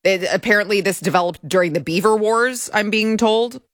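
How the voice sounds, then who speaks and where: A woman's voice: mid-range voice, fairly even intonation, a little fast, no room sound, clean studio sound. A woman hosting an opinion talk show, giving commentary in a sarcastic, mocking way. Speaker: show host.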